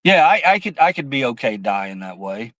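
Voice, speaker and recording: A man hosts a political livestream and rants with heat and plenty of cursing, stopping now and then to read out chat comments. His voice sits at a middle pitch and sounds dry and close, with almost no room echo. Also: big pitch swings, moderate pace, fairly bright tone. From United States. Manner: heated, profane, reads chat comments aloud. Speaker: livestream host. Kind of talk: angry political livestream rant.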